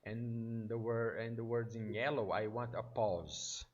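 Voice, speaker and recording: A man's voice: mid-range voice, steady tone, a little slow, lo-fi sound. A Brazilian man teaching aviation English, patiently explaining and checking in with "okay?" often. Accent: Brazilian Portuguese. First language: Portuguese. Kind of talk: one-on-one online lesson.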